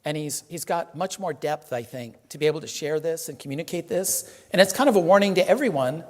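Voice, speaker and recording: A man's voice: a little high, animated, fairly quick. A male reverend giving a casual, joking sermon full of fillers in a temple hall. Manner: chatty, joking, many fillers.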